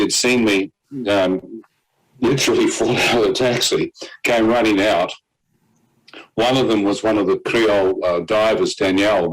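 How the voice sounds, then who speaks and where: On poor audio, a man with a fairly low voice gives his own story as a testimony. He acts out the voices of the people he quotes and laughs between lines.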